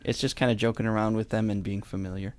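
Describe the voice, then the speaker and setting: A man's voice: on the low side, steady tone, fast talker, clear, resonant tone. A young man hosting a casual podcast chat, rambling and correcting himself as he goes. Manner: rambling, self-correcting, chuckles often. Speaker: podcast host.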